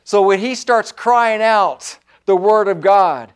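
A male preacher delivering a sermon in a high-pitched voice. He speaks slowly and deliberately, with fervent, repetitive exhortation. His delivery swings between loud declarations and hushed asides. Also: clear, resonant tone.

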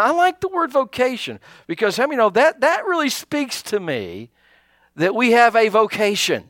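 A man pastor preaching a sermon, animated, calling out to his congregation and acting out little asides. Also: sits high, dry recording, clean studio sound.

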